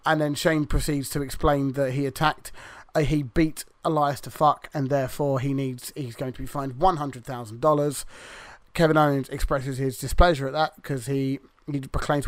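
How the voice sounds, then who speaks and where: A man's voice: medium pitch, steady tone, normal speed, no room sound. Rambling, sweary man reviewing wrestling. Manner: rambling, swears freely, acts out wrestlers' lines. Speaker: podcast co-host. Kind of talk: casual wrestling review chat.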